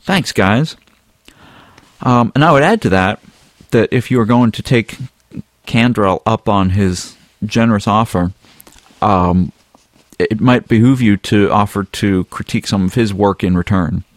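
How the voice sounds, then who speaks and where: Brief: male podcast co-host, low voice, dry close mic, laid-back email reader. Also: normal speed, dry recording. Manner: relaxed, chuckling, reads emails aloud. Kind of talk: casual chat.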